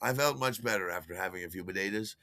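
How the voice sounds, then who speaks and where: A man's voice: low voice, fast talker, sharp tone, no echo. An older man telling a rambling personal story, full of fillers, restarts and chuckles at his own tale. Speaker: podcast host.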